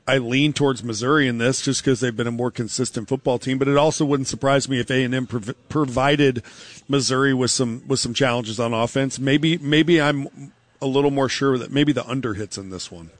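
A man hosting a live sports talk radio show, giving quick, opinionated game analysis. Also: medium pitch, fairly even intonation, dry recording. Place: live remote broadcast at a car dealership.

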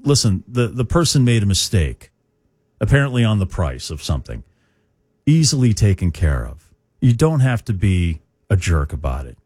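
Chatty low-voiced New radio host. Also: male voice, darkish tone, no echo, clean studio sound. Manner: chatty, rambling, opinionated, frequent fillers. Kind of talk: radio talk. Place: radio studio. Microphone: studio microphone.

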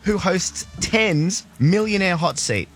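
A man with a croaky voice, hosting a radio quiz in a loud, upbeat, rapid-fire way. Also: high voice, lively intonation. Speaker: radio host.

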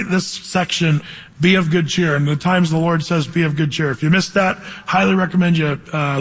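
A man's voice: fairly high pitch, in a large hall. A man preaching a verse-by-verse sermon, reading scripture aloud and putting questions to the congregation in a conversational way. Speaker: pastor teaching a Bible study.

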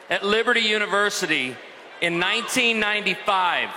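A man's voice: high voice, normal speed, faint music behind. A man giving a humorous sermon to a live audience, telling stories with lots of energy. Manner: energetic, joking storyteller. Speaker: guest speaker. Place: large university auditorium. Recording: long hall reverb, faint noise.

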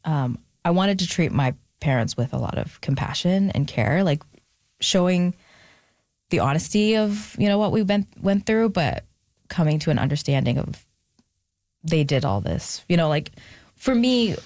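A woman's voice: low voice, animated, normal speed, darkish tone, dry recording. A young adult woman, an author being interviewed, talking reflectively with frequent fillers and restarts. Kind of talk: candid conversational interview.

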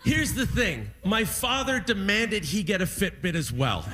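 A man telling stand-up comedy stories in an animated way, laughing as he goes. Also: sits high, unhurried.

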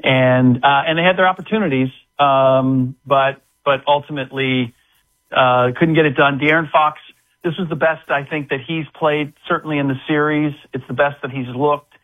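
A man's voice: fairly high pitch, steady tone, moderate pace. A man, a guest sports analyst, chatting casually about basketball with many restarts and fillers. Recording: tinny phone line.

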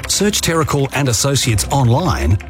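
A man's voice: mid-range voice, sing-song, moderate pace, soft background music. A man reading a scripted radio advertisement in an earnest, persuasive manner. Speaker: ad voice-over.

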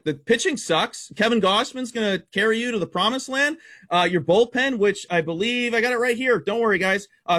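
A man with a high voice talks sports betting as a guest, blunt and brash. He reels off stats in a quick, competitive stream. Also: sharp tone. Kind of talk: fast stat-heavy sports betting talk.

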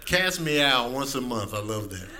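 A man's voice: lively intonation, measured pace, noisy background. A man doing a stand-up set in a club with a laid-back delivery. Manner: laid-back, drifting into high-pitched animal voices. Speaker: stand-up comedian.

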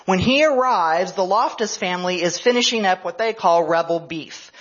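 A woman's voice: fairly low pitch, lively intonation, normal speed, lo-fi sound. A woman history professor giving a conference lecture, telling a story in a conversational way.

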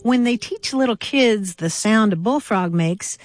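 A woman's voice: fairly high pitch, animated, measured pace, hardly any pauses, no echo, clean studio sound. A woman co-hosting a language call-in show, telling listener stories in a friendly way. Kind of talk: radio chat.

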